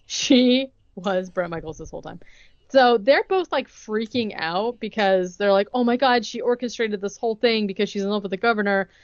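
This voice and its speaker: A woman's voice: medium pitch, normal speed, dry recording, muffled recording. A young woman co-hosting a podcast, retelling a movie plot in casual chat, full of "like" and acted-out quotes. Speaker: podcast co-host recapping a movie.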